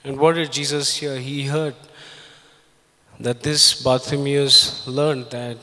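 A man delivers a sermon in an unhurried, halting way, with plenty of fillers, restarts and repeated phrases. His voice is bright and forward. A long reverb from the church hall trails after his words. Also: medium pitch, little pitch movement. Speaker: preacher. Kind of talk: sermon with scripture reading.

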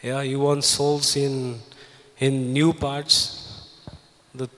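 A man delivers a sermon in an unhurried, halting way, with plenty of fillers, restarts and repeated phrases. His voice is bright and forward. A long reverb from the church hall trails after his words. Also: mid-range voice, flat delivery. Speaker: preacher. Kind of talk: sermon with scripture reading.

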